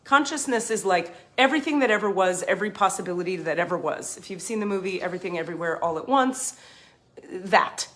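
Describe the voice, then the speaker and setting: A woman hosting a casual spiritual talk, passionate and blunt, swearing freely and swinging between emphatic points and softer asides. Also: fairly low pitch, expressive, quick pace. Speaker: spiritual advice host.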